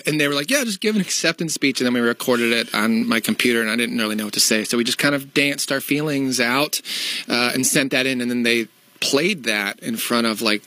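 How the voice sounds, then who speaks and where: A man's voice: mid-range voice, bright, forceful tone, dry recording, poor audio. A man guesting on a local radio show, telling stories in a loose, rambling, self-deprecating way and laughing often. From Outer Banks of North Carolina. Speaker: filmmaker guest. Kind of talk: casual radio interview.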